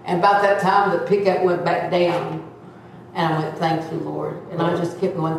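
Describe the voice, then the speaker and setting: A woman of seventy tells a lively church testimony and acts out the voices of the people in her story. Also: lowish voice, normal speed, slight background noise. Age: 70s. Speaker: church member giving a testimony. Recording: echoey hall, distant mic.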